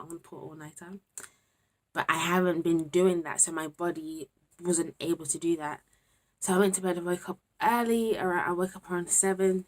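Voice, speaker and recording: Chatty young woman, low voice. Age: 20s. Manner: chatty, candid, often drops to a murmur. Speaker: university student vlogger. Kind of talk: casual vlog chat to camera.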